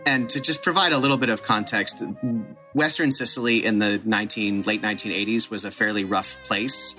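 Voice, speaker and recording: Bright-voiced man telling a story. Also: lowish voice, a little fast, soft background music. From United States. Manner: animated, self-deprecating storyteller who laughs at himself. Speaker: podcast guest, archaeologist. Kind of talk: storytelling in a podcast interview.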